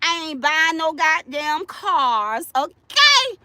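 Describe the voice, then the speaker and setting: Older woman, loud cackling boastful livestream. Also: high-pitched, very animated, takes it slowly, no room sound. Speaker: livestream host. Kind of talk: live-stream rant to viewers.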